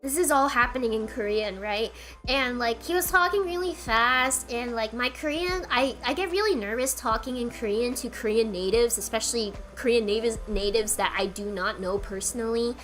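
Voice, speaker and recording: Woman, high voice, giggly rambling storyteller, tired throat, faint music behind. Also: normal speed, fairly bright tone. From United States. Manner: rambling and giggly, heavy filler words. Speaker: streamer. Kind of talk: casual storytelling on a livestream.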